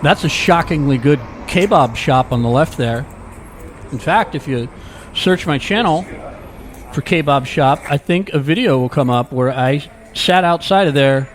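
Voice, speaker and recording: A man of mid pitch talks his way through a street walk, tossing out jokes and wandering asides as he goes. Traffic hums faintly behind him in the open air. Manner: jokey, rambling asides. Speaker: vlogger, walking tour guide. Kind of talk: casual walking-tour narration. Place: outdoor city streets.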